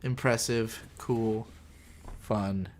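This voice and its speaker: A man's voice: on the low side, steady tone, very slow, a little hiss or hum. A man hosting a casual anime podcast, rambling through scene recaps and swearing for emphasis. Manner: rambling, many fillers and restarts, swears for emphasis. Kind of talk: casual chat.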